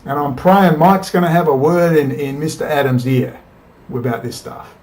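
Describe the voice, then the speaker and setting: A man's voice: a little high, darkish tone. Combative man ranting to camera. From Australia. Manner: combative, profane, rapid-fire rhetorical questions. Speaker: political video commentator.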